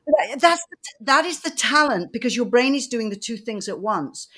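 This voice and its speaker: A woman from Manchester with a Mancunian accent, co-hosting a podcast and telling lively, rambling anecdotes in casual chat. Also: on the high side, a little fast. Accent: Mancunian English. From Manchester, England. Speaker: podcast co-host.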